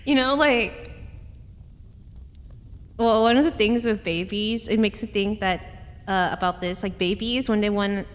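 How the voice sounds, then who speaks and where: A woman's voice: mid-range voice, a little slow, long pauses, big-room sound. A woman streamer chatting casually and rambling, giggling and laughing often as she reads comments. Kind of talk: casual chat reading chat comments.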